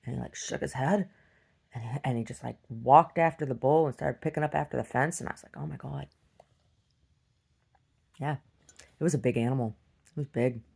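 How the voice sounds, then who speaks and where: Woman, very deep voice, gravelly fry, rambling video diary, lots of "like" and restarts. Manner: halting, full of restarts and "like", shouts when acting out quotes. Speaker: video diarist. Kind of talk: rambling casual storytelling.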